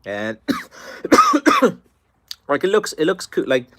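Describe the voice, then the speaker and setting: A man's voice: high-pitched, wildly swooping pitch, drawn-out words, sharp tone. An Irish man chatting casually on a live stream and answering viewers, rambling with many fillers and restarts, his voice worn and tired with a cough. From Ireland. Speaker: stick maker answering live chat.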